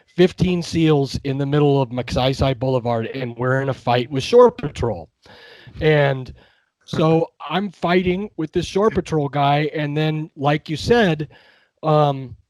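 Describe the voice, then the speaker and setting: A man in his fifties, a podcast guest telling stories in a relaxed, wry way. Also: mid-range voice, dry recording, poor audio. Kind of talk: casual storytelling.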